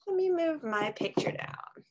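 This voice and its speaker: A woman teacher reading a picture book aloud to young children, in a sing-song, expressive storybook voice with teaching asides. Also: very high voice, a little slow, lo-fi sound.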